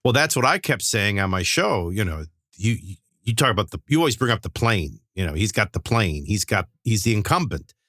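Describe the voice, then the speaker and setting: A man who hosts a radio talk show, chatting about politics in an emphatic, incredulous, rapid-fire way. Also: on the low side, animated, sharp tone, dry recording.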